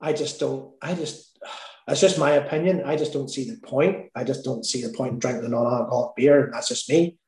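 A man's voice: mid-range voice, steady tone, brisk, a little mellow. Give me an Irish man telling a candid story in a roomy, echoey space. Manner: candid, laughing, sweary. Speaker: guest. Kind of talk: casual storytelling. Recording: roomy echo.

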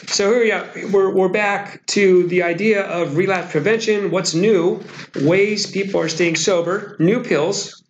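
A man's voice: high-pitched, fairly even intonation, a little slow, lo-fi sound. A man co-hosting a podcast in casual, joking chat, often rambling and stumbling over his words. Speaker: podcast co-host. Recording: echoey room with faint noise.

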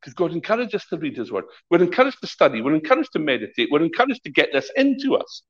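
A man's voice: on the high side, fast, dull audio. A middle-aged man, a pastor, preaching a conversational sermon and acting out the voices in his stories. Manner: lively, conversational preaching with acted-out quotes.

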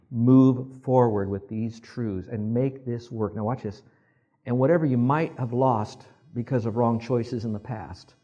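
A man preaches in a loose, conversational way and often draws his listeners in to repeat words after him. His voice is husky and sits at a middle pitch. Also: warm tone, muffled recording. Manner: conversational preaching with audience call-and-response. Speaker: pastor. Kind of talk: sermon.

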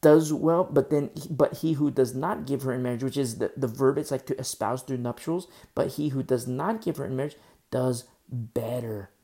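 A man's voice: mid-range voice, moderate pace, dark tone. A man, the church's pastor, preaching a sermon, going through scripture verse by verse, repeating key phrases for emphasis and asking his listeners rhetorical questions.

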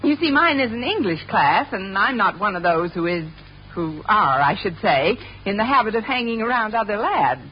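An actress playing a sarcastic, wisecracking woman schoolteacher in a 1950s radio sitcom, quick with quips and a little flustered. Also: medium pitch, big pitch swings, slight background noise, natural voice. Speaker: English teacher. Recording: dull old radio recording with studio audience laughing.

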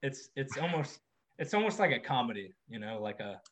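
Easygoing young dad on a casual podcast, relaxed delivery with frequent laughs. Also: male voice, medium pitch, brisk, a crowd in the background. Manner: laid-back, laughs often, says "dude". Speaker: podcast co-host, father of a baby son. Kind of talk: casual chat.

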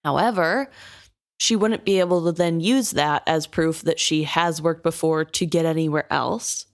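A woman's voice: low-pitched, moderate pace. Exasperated woman talking about a book. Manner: animated, exasperated commentary. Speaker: podcast co-host. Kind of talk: casual book discussion.

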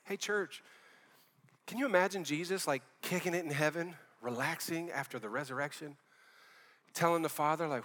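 Man, pastor, fervent conversational sermon, slightly high voice, long reverb. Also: moderate pace, a bit bright. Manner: fervent, conversational preaching with slang.

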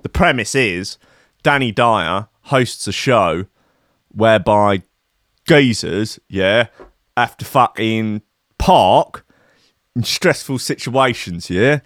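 A man's voice: lowish voice, lively intonation, slow pace, pauses often, a bit bright, no room sound, studio quality. A man, hosting a comedic podcast in a sweary, rambling, sardonic monologue. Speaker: podcast host.

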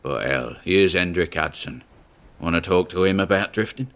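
A man voicing a gruff old male sailor ghost who talks in a laconic, folksy drawl. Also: low voice, normal speed, a bit bright.

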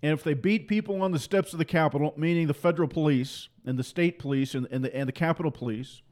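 A man preaching a fiery political sermon to pastors, forceful and repetitive, full of mocking rhetorical questions. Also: fairly high pitch, fast talker.

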